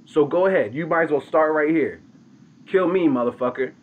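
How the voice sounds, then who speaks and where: A man's voice: a little high, fairly quick, narrow, tinny audio, lightly acted. A man voicing a defiant elder tribal woman in a retold story, talking in scornful, confrontational slang.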